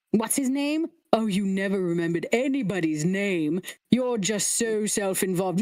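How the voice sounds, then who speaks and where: A woman's voice: fairly high pitch, a little mellow, natural voice. A woman voicing a group of petty, rude male frog-folk heads on sticks that squabble and mock each other. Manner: squabbling, snippy, mocking.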